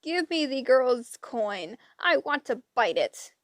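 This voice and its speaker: A greedy, bickering old hag, played by a woman reading a storybook. Her voice is shrill and high, and she snaps and squabbles slowly in a dry, close sound. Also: very animated, no room sound, exaggerated voice. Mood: quarrelsome. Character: grabby blind old gray sister, quarrelsome.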